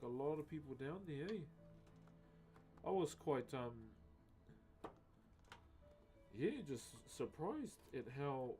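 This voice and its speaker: A man's voice: mid-range voice, a little mellow. A man chatting casually with his live-stream viewers while he carves, laid-back and chatty, peppering his talk with "eh?" and "bro". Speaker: livestreamer. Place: home streaming setup while wood carving. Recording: music bed under voice. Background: music playing.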